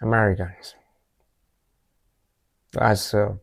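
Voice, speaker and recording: A man from Africa comments on a video in a casual, earnest and reflective way, often circling back on his words. His voice is low-pitched and recorded dry and close. A faint clicking sound is heard. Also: steady tone, drawn-out words, vocal fry, dry recording. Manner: earnest, reflective, repeats himself. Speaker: reaction video host.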